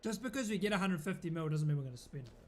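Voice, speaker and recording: A man's voice: a little high, animated, very fast, darkish tone, echoey room, a little hiss or hum. A man with a New Zealand accent, chatting casually through a live football watch-along, rambling and swearing freely. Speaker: football fan streamer.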